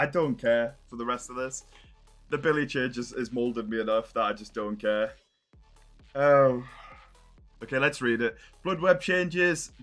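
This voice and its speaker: A man's voice: mid-range voice, sharp tone. A young man reacting on a live stream, exasperated and swearing as he thinks aloud.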